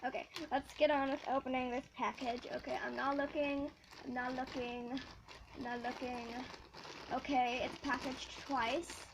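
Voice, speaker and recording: A teenage girl unboxing a package for her vlog, excitable and giggly, gushing over each item in casual chat. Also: high voice, moderate pace, noisy background. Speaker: vlogger.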